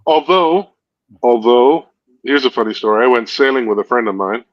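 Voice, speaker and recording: A man's voice: medium pitch, expressive, moderate pace, dry recording. A man chatting casually on a stream, telling long rambling stories, correcting himself and laughing at his own jokes. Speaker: stream host. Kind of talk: casual storytelling chat. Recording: dull lo-fi sound.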